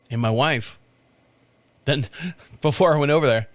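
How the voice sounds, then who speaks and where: Pausing often at a moderate pace, a man with a slightly high voice hosts a podcast, and there's no room sound. In his fifties, he's casually telling a long story laced with profanity, animated and imitating the people he quotes.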